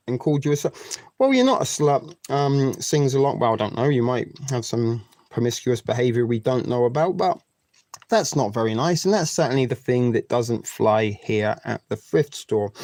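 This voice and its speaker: A man's voice: medium pitch, darkish tone, no echo. A man in his forties hosting a live stream, chatting casually and crudely joking with his viewers. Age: 40s. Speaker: livestream host.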